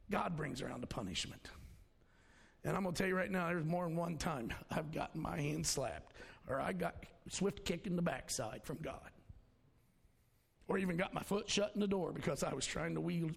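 A male pastor preaching a folksy sermon, swinging between shouts and hushed asides. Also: on the high side, creaky, husky. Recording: long hall reverb.

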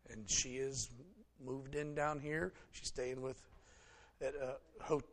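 A man's voice: mid-range voice, fairly even intonation, slow. A middle-aged man preaching a conversational sermon, folksy and joking as he talks straight to his congregation. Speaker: pastor.

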